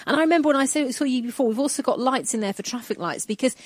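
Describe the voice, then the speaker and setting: A woman's voice: sits high, very fast, no room sound. A woman radio reporter interviewing on a university campus, chatty and full of "kind of" and "you know".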